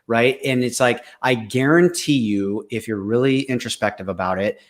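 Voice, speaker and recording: A man's voice: medium pitch, moderate pace. Emphatic man coaching on leadership. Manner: emphatic, fired-up, swears for emphasis. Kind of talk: candid casual conversation.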